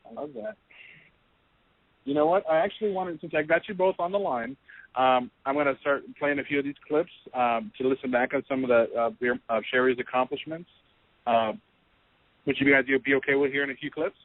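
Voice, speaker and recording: A man's voice: mid-range voice, steady tone, fairly quick, no echo. A male host running a casual interview in an upbeat, easygoing way. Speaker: radio show host. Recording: tinny dry phone-like sound.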